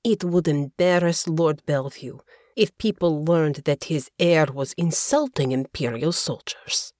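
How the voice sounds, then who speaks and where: A woman's voice: deep voice, unhurried, darkish tone, no room sound, clean studio sound. A woman doing a growling, fierce young soldier woman. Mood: cold. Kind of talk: audiobook character voice.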